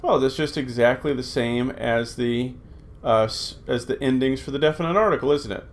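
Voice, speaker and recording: In a recorded Greek grammar lesson, a middle-aged man teaches patiently and plainly, using many filler sounds as he repeats forms aloud. His voice is medium-pitched and his speed normal.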